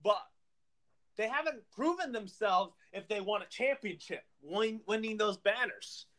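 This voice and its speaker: A man co-hosting a casual sports podcast, lecturing emphatically with loud bursts. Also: high voice, animated, measured pace.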